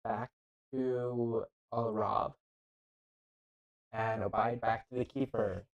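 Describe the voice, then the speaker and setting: A man giving casual live play-by-play commentary on a football match into a handheld mic, halting and often unsure of player names. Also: mid-range voice, steady tone, dull audio. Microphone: handheld microphone.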